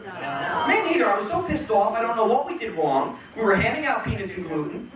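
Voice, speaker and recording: A male comedian on a club stage, working the crowd with teasing punchlines. His voice sits high and swings widely in pitch. The sound is distant and echoey, with a loud audience laughing and noise all around. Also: very animated, fast. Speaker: stand-up comedian. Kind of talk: stand-up comedy set. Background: audience laughter and room noise.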